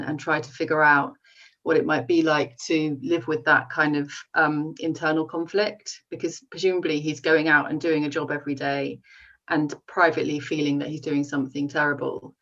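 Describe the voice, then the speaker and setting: A woman's voice: low-pitched, a bit bright. A woman novelist on a literary panel, speaking thoughtfully with many ums and restarts, then reading from her book. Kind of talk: book talk and reading aloud. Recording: muffled audio, distant mic.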